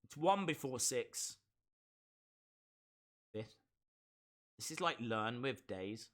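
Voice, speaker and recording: A man hosting a live stream, reacting to a wrestling show in excitable, chatty, self-mocking commentary. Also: mid-range voice, takes it slowly.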